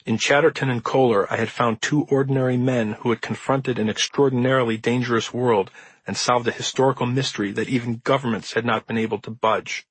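Man, author narrating, husky tone, dry close recording, measured earnest delivery. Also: mid-range voice, steady tone, dry recording, rough recording. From Midwestern United States. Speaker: author reading his own introduction. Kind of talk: audiobook narration.

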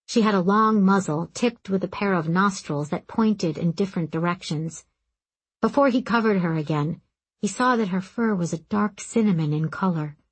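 A woman reading a story aloud, in a calm, steady narration. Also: medium pitch, normal speed, breathy edge, no room sound. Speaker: audiobook narrator. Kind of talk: scripted narration.

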